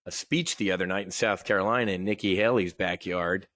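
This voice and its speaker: A middle-aged American man hosting a live options trading show, talking in a rambling, opinionated way with frequent restarts and throat clearing. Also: low voice, fairly even intonation, a little fast, a bit bright. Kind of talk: casual live market commentary.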